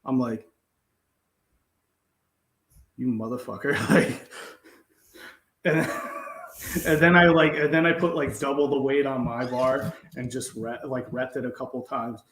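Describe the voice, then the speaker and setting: A man's voice: medium pitch, measured pace, pauses often, a bit bright, roomy sound, a little hiss or hum. A man co-hosting a podcast, chatting casually and acting out quotes in his stories, swearing freely. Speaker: podcast co-host. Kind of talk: casual chat, storytelling.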